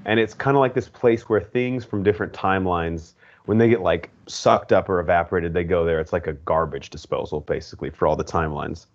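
A man's voice: sits low, fairly quick, lo-fi sound. A man hosting a podcast, chatting enthusiastically in a casual way with frequent fillers. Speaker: podcast host. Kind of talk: casual chat.

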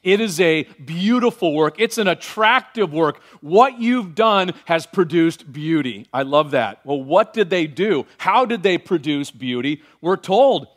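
A man preaching a sermon as pastor, animated and varied, slowing down when he reads scripture aloud. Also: a little high.

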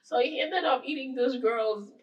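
A woman's voice: high voice, moderate pace, recorded from a distance, lo-fi sound. A woman co-hosting a podcast, telling a story casually and often breaking into giggles. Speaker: podcast co-host. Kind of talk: casual chat.

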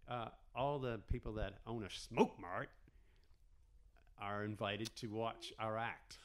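Low-voiced Canadian-born man telling rambling stories. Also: slow. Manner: rambling, animated storyteller with frequent restarts. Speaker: comedian guest. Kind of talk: casual podcast storytelling.

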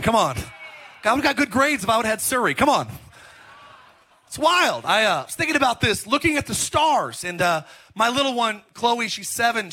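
A middle-aged man preaching a sermon as pastor, telling stories in an animated, joking way. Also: very high voice. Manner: animated, joking storytelling with laughs.

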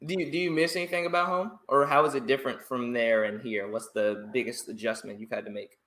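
A man's voice: mid-range voice, quick pace, slight background noise. Young male host, eager and upbeat, laughs a lot, mid-range voice, roomy echo. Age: young adult. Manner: excitable, laughs often. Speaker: podcast host. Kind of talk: casual interview.

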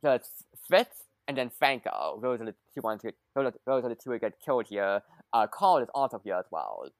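A woman casually recapping a movie plot for a podcast, with lively quoted asides. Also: extremely low pitch, a little fast, no room sound. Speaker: podcast guest.

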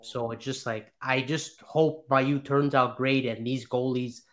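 A man's voice: mid-range voice, fairly even intonation, unhurried, a bit bright. A man on a sports podcast chatting casually, hesitant and rambling with many restarts. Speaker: podcast panelist.

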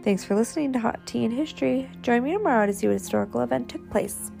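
A woman's voice: a little high, fast, vocal fry, warm tone, soft background music. A woman hosting a short history podcast, reading a scripted account in a friendly, casual tone. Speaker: podcast host.

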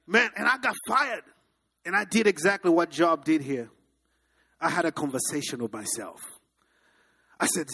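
A middle-aged man from Africa, a pastor, preaching a sermon with animated personal stories and questions to the congregation. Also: fairly high pitch, unhurried, pauses often.

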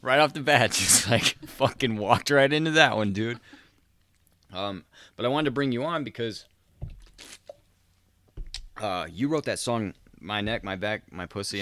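A man's voice: lowish voice, normal speed, long pauses, a bit bright. A man hosting a podcast with a crude, rambling comedic monologue, swearing a lot and laughing in the middle of sentences. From South Dakota. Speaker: podcast host.

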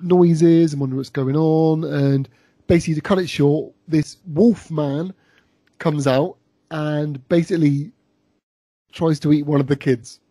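Rambling man with a husky, mellow voice. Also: fairly high pitch, fairly even intonation, unhurried, no room sound. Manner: rambling, laughs often, many fillers. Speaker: podcast host. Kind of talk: casual chat reviewing an episode.

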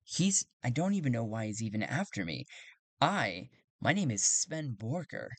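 A man's voice: mid-range voice, very animated, normal speed, dry recording. A man playing a flustered lying outlaw. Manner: flustered, stammering denials. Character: smooth-talking male outlaw lying his way out.

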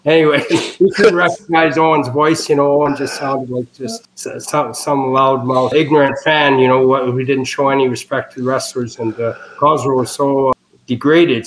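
Here a wrestling-family guest tells meandering wrestling tales in a laid-back interview, stumbling over fillers and restarting often. He speaks at a medium pitch with a fairly bright tone, and the recording is rough.

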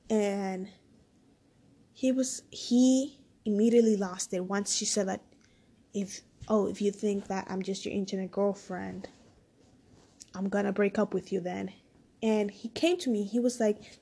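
A woman's voice: medium pitch, mellow, slightly rough. A woman casually telling a personal story, rambling and full of "like" as she quotes what people said.

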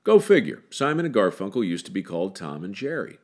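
A man who hosts a podcast, telling a story with dramatic pauses and then chatting about it in a wry, casual way. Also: lowish voice, very animated, darkish tone. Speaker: podcast host.

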